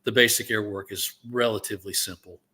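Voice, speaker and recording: An older man from Alabama, a veteran guest telling stories slowly, with "uh" pauses in an interview. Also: fairly low pitch, steady tone, pushed and bright, slightly rough. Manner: unhurried, drawn-out delivery with frequent "uh" pauses. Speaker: guest, veteran naval aviator. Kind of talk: relaxed storytelling interview.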